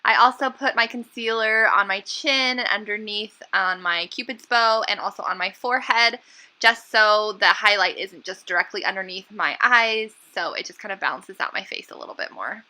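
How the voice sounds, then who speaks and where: A woman's voice: mid-range voice, normal speed, pushed and bright. A woman beauty vlogger giving a casual, upbeat makeup tutorial, chatty and full of fillers.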